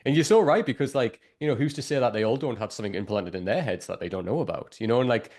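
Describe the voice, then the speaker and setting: A man's voice: mid-range voice, lively intonation, quick pace, a little mellow. A man hosting a casual show review, rambling with lots of "like" and the odd swear word. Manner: rambling, heavy use of fillers and profanity. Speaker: podcast host.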